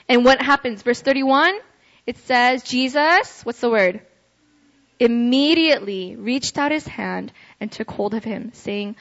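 A young adult woman preaching a casual sermon, chatty and conversational, often checking in with her listeners with a quick "right?". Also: a little high, fairly bright tone. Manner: chatty, ends phrases with "right?". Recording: dull lo-fi recording.

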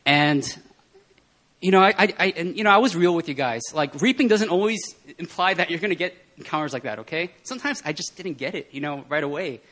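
A man speaking at a prayer meeting, telling personal testimony stories in an animated way and often laughing. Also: on the high side, fairly quick. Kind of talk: testimony sermon.

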